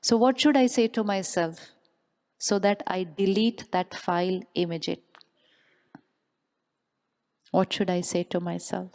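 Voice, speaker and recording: A woman's voice: on the low side, a little slow, pauses often, darkish tone. Woman speaker, motivational stage talk, keeps quizzing the crowd and repeating the line. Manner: asks the audience questions and repeats them. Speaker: spiritual speaker. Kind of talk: motivational talk to a live audience.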